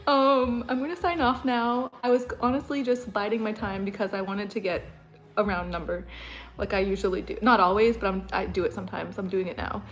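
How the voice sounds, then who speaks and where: A woman's voice: mid-range voice, fairly even intonation, brisk, low-quality recording. A woman vlogger chatting casually on a livestream, rambling and laughing often. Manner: mimics an announcer's voice.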